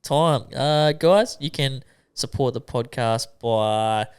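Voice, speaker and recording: A man co-hosting a podcast, playful and quick to laugh in casual chat. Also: mid-range voice, clear, resonant tone. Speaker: podcast co-host.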